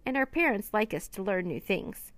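A woman's voice: medium pitch, expressive, moderate pace, a bit bright, dry recording, lightly acted. A woman voicing an eager, bold young girl in a children's storybook. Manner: eager, enthusiastic.

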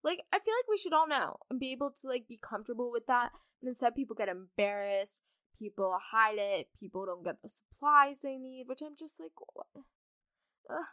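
A chatty young woman hosts a casual storytime podcast, wandering off into asides and quick apologies. Her slightly high voice swoops and bounces, crisp and sparkling. The sound is close and dry. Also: animated, a bit bright, no room sound. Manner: bubbly, chatty, rambling with many asides. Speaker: podcast host.

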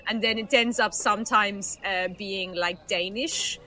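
A woman's voice: medium pitch, measured pace, pushed and bright, soft background music. A woman player chatting casually and laughing between tabletop game scenes on a stream.

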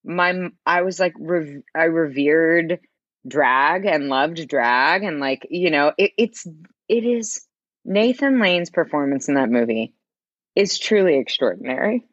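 A woman co-hosting a podcast in casual chat, animated and emphatic, laughing often. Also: low-pitched, unhurried, dry recording. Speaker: podcast co-host. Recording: slightly dull dry mic.

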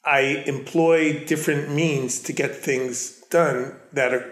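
A middle-aged man with a Long Island accent, an artist and curator, speaks slowly and steadily in a slightly high voice as a guest in a casual interview. He rambles and corrects himself, and the echoey room adds a roomy echo.

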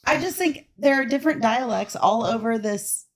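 A woman's voice: a little high, lively intonation, moderate pace. A woman in her thirties, a podcast guest, defending her point with a laugh in casual chat. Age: 30s.

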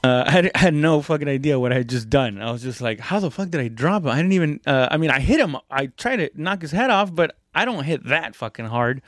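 A man's voice: on the high side, animated, brisk, hardly any pauses, fairly bright tone, no room sound. A young man casually telling a story about fighting, rambling and profane, with lots of restarts and fillers.

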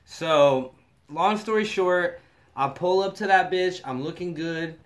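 A man's voice: high-pitched, slow pace. A man in his thirties, telling a personal story in casual, profane podcast chat.

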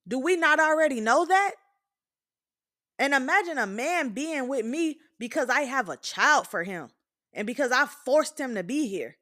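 Host, woman, 20s: candid, profane, emphatic monologue; slightly higher-pitched voice. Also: sharp tone. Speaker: podcast host.

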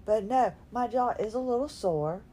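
A woman's voice: fairly high pitch, lively intonation, normal speed, warm tone, a little hiss or hum. A woman hosting a podcast, talking casually from her bed at home in a rambling, self-deprecating way, yawning now and then. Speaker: podcast host. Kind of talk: casual solo podcast talk.

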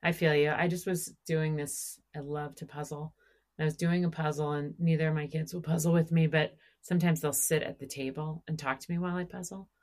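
Middle-aged woman podcast host, low voice, lively anecdote-telling. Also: brisk. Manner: animated storyteller, acts out quoted dialogue. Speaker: podcast host asking questions. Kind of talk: casual conversation.

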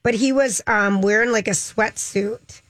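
A woman in her thirties co-hosting a radio show, chatting in an excitable, laughing way. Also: mid-range voice, a little slow, no echo. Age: 30s. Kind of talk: casual chat.

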